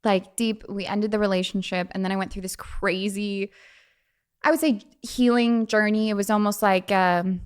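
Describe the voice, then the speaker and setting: Young woman, podcast guest, chatty, filler words, quick laughs, mid pitch. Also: fairly even intonation, clean tone. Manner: chatty, frequent fillers, quick laughs, acts out quoted voices. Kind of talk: casual storytelling.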